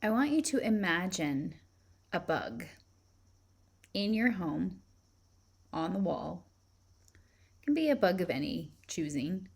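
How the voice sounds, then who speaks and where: Slow, calm woman guiding a visualization. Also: on the low side, creaky, husky. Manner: calm, unhurried, asks reflective questions. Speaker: spiritual teacher. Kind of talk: guided visualization lesson.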